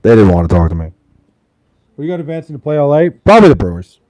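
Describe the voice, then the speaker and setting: A man's voice: medium pitch, very animated, quick pace, darkish tone. A young man chatting casually on a live stream, joking and swearing loosely with his chat while sounding tired. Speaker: livestreamer. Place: at home in Wisconsin.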